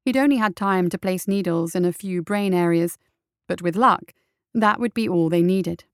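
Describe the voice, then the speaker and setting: A woman narrating a story in a measured, even storytelling manner. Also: fairly low pitch, smooth, dry recording, clean studio sound. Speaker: audiobook narrator. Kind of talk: scripted narration.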